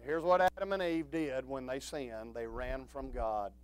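A man preaching a sermon, swinging from quiet talk up to shouted preaching. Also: medium pitch, measured pace, smooth.

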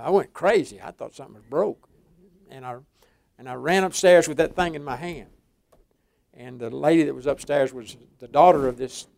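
Older male preacher, gravelly, rambling storyteller with restarts, mid-pitched. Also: darkish tone. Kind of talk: folksy sermon.

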